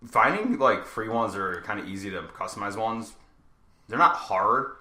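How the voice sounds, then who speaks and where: A young man co-hosting a casual podcast and running the soundboard, deadpan and teasing. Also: fairly low pitch. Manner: deadpan teasing, quick explanations. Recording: roomy echo.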